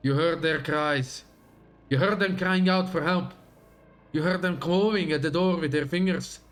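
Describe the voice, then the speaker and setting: A man voicing a stern, grim woman investigator who speaks low, slow and menacing, read aloud from a game story on a livestream. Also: a bit bright, soft background music. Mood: accusing.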